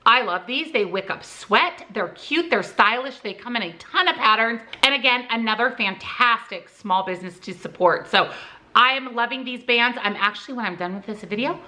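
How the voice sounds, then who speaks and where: A woman in her thirties, chatty and upbeat, talking through her favorite products at home. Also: moderate pace. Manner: chatty and upbeat, with lively pitch jumps. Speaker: vlogger.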